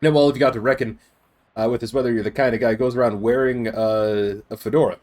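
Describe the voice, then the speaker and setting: A man's voice: medium pitch, fairly even intonation, quick pace, a little mellow. A man streaming a game, reading its text aloud and commenting with amusement.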